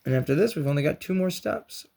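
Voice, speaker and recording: Gravelly guy doing a chill craft tutorial, chatty n encouraging, cracks jokes. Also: on the high side, animated, fast talker, a little mellow. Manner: chatty, joking, encouraging, slangy asides. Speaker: host of a toy and craft channel.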